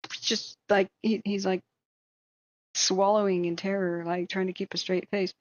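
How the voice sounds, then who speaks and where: A woman's voice: medium pitch, level tone, normal speed, dull audio. A woman host on a live stream, telling a long self-deprecating story in a rambling way with many fillers. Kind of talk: casual storytelling.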